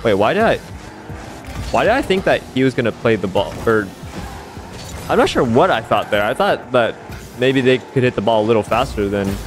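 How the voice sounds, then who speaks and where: Young male gamer, mid-pitch, hyped play-by-play with jumpy highs, beat music underneath. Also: moderate pace, long pauses. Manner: excitable, swears, self-mocking, voice leaps up high when hyped. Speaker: gaming YouTuber. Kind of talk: live gameplay commentary. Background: background beat music.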